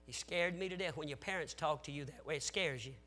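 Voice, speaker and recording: A man preaching a sermon, telling stories with strong feeling, swinging from shouted exhortation to hushed tones, with folksy asides to the congregation. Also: fairly high pitch, fast, a little hiss or hum.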